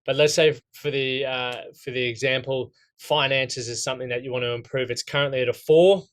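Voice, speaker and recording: An Australian man runs a men's goal-setting workshop, speaking plainly and bluntly with the occasional swear word and a habit of asking "right?" to check the group is following. His mid-range voice is steady in tone and brisk.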